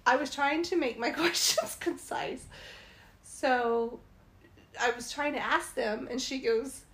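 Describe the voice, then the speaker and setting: A woman casually telling a travel story, animated and laughing as she goes. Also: high voice, slow pace. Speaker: travel vlogger.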